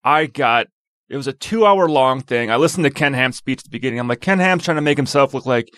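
A man co-hosting a casual podcast, telling a story in an animated, exasperated rant. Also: mid-range voice, fast talker, no echo. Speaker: podcast co-host.

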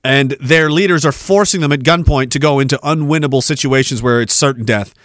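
A man's voice: mid-range voice, fairly quick, a bit bright, dry recording, clean studio sound. A man hosting a podcast, ranting in a sarcastic, profane way. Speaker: podcast host. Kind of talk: political rant podcast.

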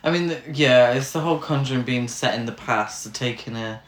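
A man's voice: mid-range voice, brisk, a bit bright. A British man co-hosting a casual film review podcast, exasperated and sweary. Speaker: podcast co-host. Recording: roomy echo.

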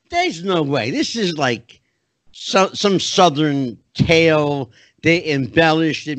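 A man hosting a podcast, chatting in an animated way with many asides. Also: a little high, no room sound. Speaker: podcast host. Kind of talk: casual interview chat.

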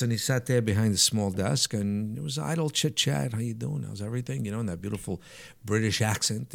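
A man's voice: fairly low pitch, creaky. A man, telling anecdotes as a guest in a casual interview. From Bronx, New York. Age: 50s. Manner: reflective, anecdotal, frequent restarts and fillers. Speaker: podcast guest, hair stylist.

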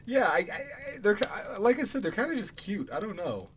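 A man's voice: high-pitched, very animated, brisk, slight background noise. A man co-hosting a podcast in casual chat, offhand and profane, tossing off dismissive asides. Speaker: podcast co-host.

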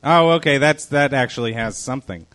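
Male comic guest, average pitch, rambling and offbeat. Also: a little fast, a bit bright. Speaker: comedian guest. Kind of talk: casual comedic banter.

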